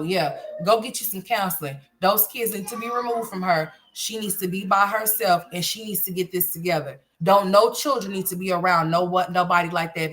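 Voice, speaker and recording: A middle-aged woman hosts a casual livestream commentary from home. Her voice sits a little low. She talks bluntly and emphatically, repeats herself, and swears without hesitation. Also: a bit bright.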